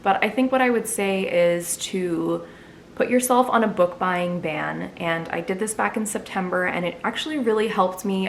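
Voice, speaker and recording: A woman's voice: lowish voice, slight background noise. A young woman chatting casually in a vlog, answering viewer questions with lots of fillers. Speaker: book vlogger.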